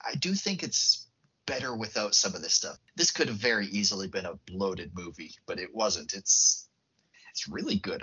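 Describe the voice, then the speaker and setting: Brief: male podcast co-host, animated storyteller, husky edge to his voice. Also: low-pitched, normal speed. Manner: animated storytelling, laughs easily. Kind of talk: casual chat. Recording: muffled lo-fi podcast audio.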